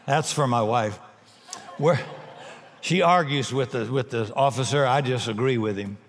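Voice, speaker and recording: A man's voice: mid-range voice, measured pace, a little hiss or hum. A man preaching a sermon with emphatic delivery and humorous asides in a large church. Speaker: pastor. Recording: long hall reverb.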